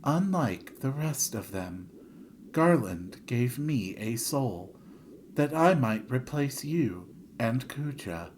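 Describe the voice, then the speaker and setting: A man voicing a hollow, emotionless young female clone with a flat, robotic delivery while reading video game dialogue. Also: medium pitch, slow pace, a little hiss or hum, voice pushed down.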